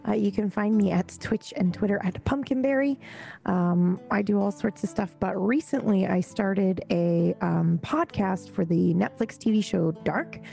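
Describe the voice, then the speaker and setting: A woman's voice: mid-range voice, unhurried, gravelly, mellow, faint music behind. A woman streamer introducing herself and her podcast in a casual, friendly chat. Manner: friendly plugging, lots of mm-hmms.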